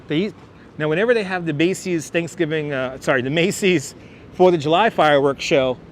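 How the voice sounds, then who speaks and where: A New York man walks a city waterfront, chatting and joking with his livestream viewers. His voice sits a little high. A clip-on mic catches him up close, with faint traffic noise outdoors. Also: brisk. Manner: chatty, jokey, addresses the chat. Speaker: livestream host. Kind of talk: live walking tour commentary. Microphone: wireless clip-on mic.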